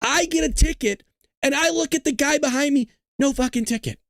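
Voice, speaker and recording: A man hosting a live stream, ranting loudly with heavy swearing and jokes while he reads the chat. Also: very high-pitched, fairly quick, no echo, studio quality. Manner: loud, ranting, profane, jokey. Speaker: livestream host.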